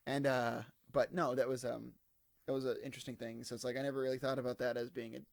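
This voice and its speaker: A man's voice: medium pitch, little pitch movement, fast, gravelly, no echo. A tired, slightly hungover man in his twenties, rambling casually to camera in a digressive, self-deprecating way. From United States. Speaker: vlogger.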